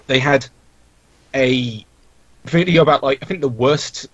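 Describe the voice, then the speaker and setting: A man's voice: mid-range voice, measured pace, fairly bright tone, no room sound. A young man, a podcast guest, talking casually and rambling with many restarts and fillers. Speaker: podcast guest, video creator. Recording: dull, dry lo-fi mic.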